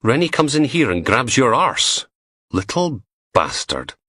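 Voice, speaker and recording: A man's voice: medium pitch, sing-song, measured pace, pushed and bright, dry recording, voice pushed up, full character voice. A man doing a weary, grumbling detective. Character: weary unfit male detective sergeant, wry.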